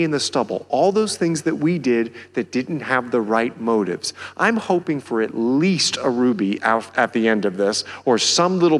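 A pastor with a Southern country accent preaching a sermon, building to near-shouts on key phrases. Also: male voice, mid-range voice, slightly rough. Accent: American Southern. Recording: long hall reverb.

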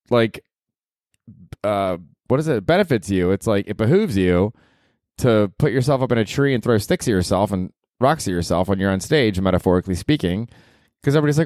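A man's voice: a little mellow, dry recording, clean studio sound. Profane rambling man in his forties. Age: 40s. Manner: rambling, profane, self-deprecating, jumps to high mock voices. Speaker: podcast host and stand-up comedian. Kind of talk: solo podcast monologue. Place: New York apartment. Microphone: handheld field recorder.

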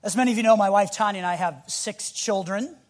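Animated high-voiced male preacher. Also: fast talker. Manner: animated, growls and shouts while acting out scenes. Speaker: pastor. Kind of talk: sermon.

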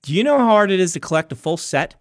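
A man co-hosting a podcast as an author, talking in a chatty, explanatory way with quick asides. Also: high-pitched, sing-song, no echo, clean studio sound. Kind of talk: casual chat.

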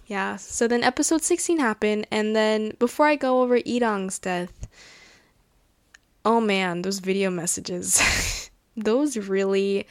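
A woman's voice: mid-range voice, unhurried, smooth, dry recording. A young woman hosting a casual show, gushing and rambling emotionally with many restarts. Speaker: podcast host. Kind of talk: casual chat.

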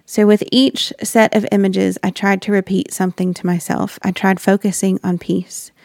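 A woman's voice: mid-range voice, little pitch movement, normal speed, gravelly, no echo, clean studio sound. A woman sharing an earnest, reflective personal faith story as a wife and mother. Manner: earnest, reflective, with soft laughs.

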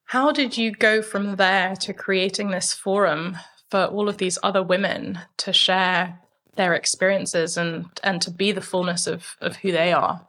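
A woman hosting an interview, asking in a measured, unhurried way. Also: medium pitch, steady tone, a bit bright. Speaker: podcast host. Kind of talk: interview question.

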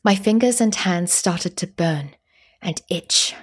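Breathy woman narrating a story. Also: fairly low pitch. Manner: calm, measured storytelling. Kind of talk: first-person story narration.

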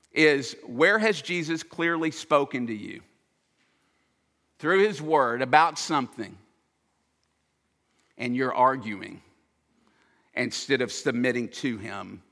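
A man's voice: medium pitch, bright, forceful tone. Pastor guy preaching, earnest and emphatic, echo from a big hall. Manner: earnest, emphatic preaching, voices quoted lines. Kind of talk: sermon.

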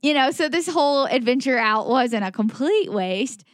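A woman's voice: sits high, lively intonation, moderate pace, no echo, studio quality. A woman co-hosting a podcast, chatting casually and telling stories, acting out her own thoughts as she goes. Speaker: podcast co-host. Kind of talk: casual chat, storytelling.

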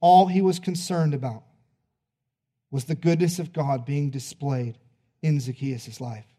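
A male pastor preaching a sermon, retelling a story in an animated, conversational way. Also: on the high side, measured pace.

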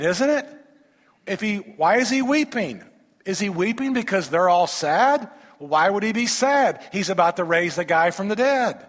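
A man preaching a sermon, reading scripture aloud and breaking in with animated rhetorical questions and humorous asides to the congregation. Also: sits high. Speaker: pastor. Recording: long reverb of a large hall.

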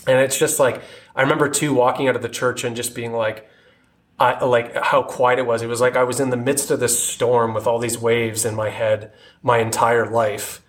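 A man telling his personal faith testimony in an earnest, halting way, often restarting his sentences. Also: medium pitch, little pitch movement. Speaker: guest sharing his testimony.

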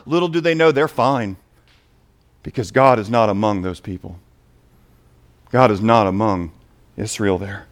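A man preaching a sermon, moving between quiet asides and loud, emphatic points. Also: mid-range voice, lively intonation, moderate pace.

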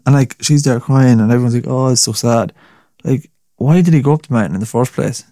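A man's voice: medium pitch, fairly quick, mellow, no room sound. Rambling young man with a dry, close sound. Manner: rambling, swears, laughs at his own story. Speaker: podcast host. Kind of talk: casual solo podcast chat.

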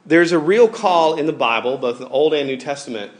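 Animated conversational male preacher. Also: fairly high pitch, brisk. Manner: conversational, animated, acts out quoted voices. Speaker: pastor. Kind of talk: sermon.

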